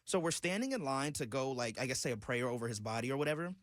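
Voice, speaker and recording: A man on a radio morning show telling a story in a casual, animated way and often breaking into laughter. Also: mid-range voice, fast, no room sound, studio quality. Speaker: radio co-host. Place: radio studio.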